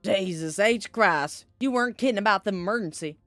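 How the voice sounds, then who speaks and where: A streamer voicing a gruff small-town man with a blunt, drawling manner, reading from a story game. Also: medium pitch, animated, a little fast, a bit bright, dry recording, faint music behind, pitched above the performer's own voice, close to an everyday voice.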